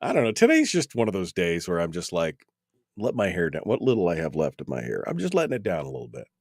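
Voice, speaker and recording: Lively rambling male radio host. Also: low voice, quick pace, no room sound, clean studio sound. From United States. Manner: loose and rambling, many fillers and laughs. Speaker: radio talk show host. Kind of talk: casual call-in talk radio.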